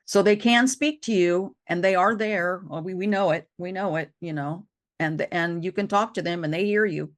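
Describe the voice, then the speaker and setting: A woman talking about losing loved ones, halting and repeating herself as she tells it. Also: on the low side. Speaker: co-host. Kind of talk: emotional personal conversation.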